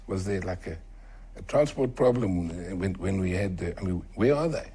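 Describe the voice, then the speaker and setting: An older man, talking earnestly as an interview guest and getting animated when he quotes others. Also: lowish voice, moderate pace, husky. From South Africa. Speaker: author and entrepreneur guest. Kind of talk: conversational interview.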